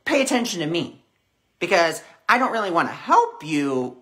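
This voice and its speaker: A woman's voice: fairly low pitch, sing-song, moderate pace, fairly bright tone. A woman voicing the ego as a pushy inner voice that demands attention. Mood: insistent.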